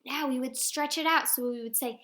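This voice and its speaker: A woman teaching a phonics lesson to young children on video, sounding out letters slowly and asking coaxing questions. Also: sits high, fairly bright tone. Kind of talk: early-grade phonics lesson to camera.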